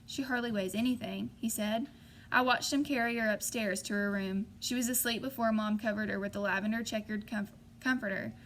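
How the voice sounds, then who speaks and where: A woman's voice: mid-range voice, steady tone, a little fast, fairly bright tone, a little hiss or hum. A woman narrating a novel in the first person, voicing the characters lightly. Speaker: audiobook reader.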